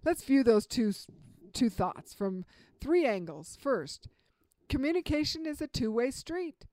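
Earnest, higher-voiced woman teaching. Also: sing-song, warm tone, dry recording. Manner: earnest and emphatic, slowing down on key points. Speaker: communication speaker. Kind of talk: instructional talk.

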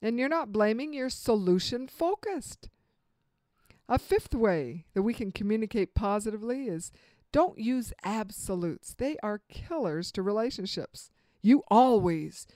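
A woman giving a motivational talk on communication, earnest and expressive, voicing quotes with strong emphasis. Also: medium pitch, no room sound. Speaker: motivational speaker.

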